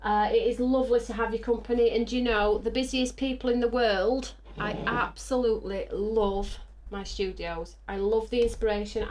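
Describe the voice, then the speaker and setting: Chatty lady doing a live craft stream, bit out of breath, kinda high voice. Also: fairly even intonation, normal speed, darkish tone, a little hiss or hum. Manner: bubbly, chatty, addresses viewers as friends. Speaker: host of a live crafting show. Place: craft studio.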